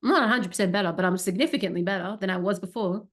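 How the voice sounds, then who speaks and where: A woman of middle pitch speaks as a wellness coach. She teaches with a demonstrative manner and talks her body sensations through aloud as she explains. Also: rapid-fire, fairly bright tone. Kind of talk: educational talk.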